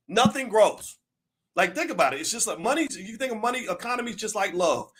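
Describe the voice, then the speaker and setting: A man's voice: high-pitched, animated, brisk, husky. Emphatic man preaching about banks. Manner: emphatic, rising to near-shouts, rhetorical questions. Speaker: finance commentator. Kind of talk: preachy talk to camera.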